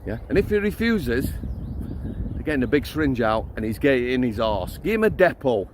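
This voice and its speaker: A man's voice: medium pitch, very animated, a little fast, a little mellow, slight background noise. A middle-aged man, a former prison officer giving a blunt, ranting vlog while out walking his dog. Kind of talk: outdoor walking vlog rant.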